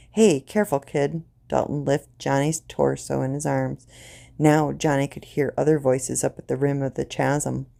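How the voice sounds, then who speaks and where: A woman storyteller reading a grim short story aloud, slowly and deliberately. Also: deep voice, gravelly, dark tone.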